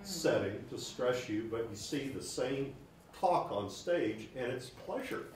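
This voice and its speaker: A man in the audience asking a question at a seminar, stammering and halting as he starts. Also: mid-range voice, animated, crowd noise. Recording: very echoey, distant audience mic with faint noise.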